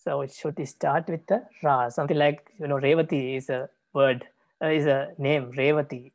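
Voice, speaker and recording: A man who is a Buddhist monk teaching a language class, patient and repetitive, pausing often with hesitations. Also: on the high side, steady tone, vocal fry, dry recording. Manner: patient, repeats words, many hesitations.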